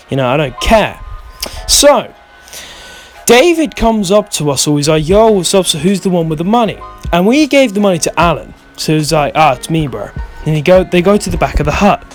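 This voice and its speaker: Young guy rambling through a storytime, kinda high voice, swears a lot, faint music under it. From United Kingdom. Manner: rambling, swearing, loses his thread. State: stoned. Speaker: vlogger. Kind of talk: storytime vlog.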